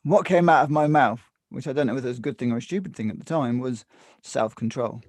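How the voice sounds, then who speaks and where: A man co-hosting a talk show in casual conversation, animated and acting out what other people say to him. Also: mid-range voice, fast, no room sound, studio quality. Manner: animated, mimics others in quoted asides. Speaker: podcast co-host.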